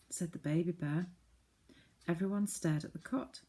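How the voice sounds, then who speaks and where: A woman narrating a children's storybook with gentle, clear reading. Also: on the low side, normal speed, pauses often. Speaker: audiobook narrator.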